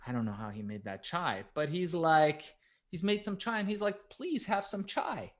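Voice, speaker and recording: A middle-aged man co-hosting a podcast, telling stories with a very lively, swooping pitch. His voice drops to a hush and then climbs to loud bursts, in easy casual chat. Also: normal speed. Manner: animated, swings from hushed to loud. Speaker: podcast co-host.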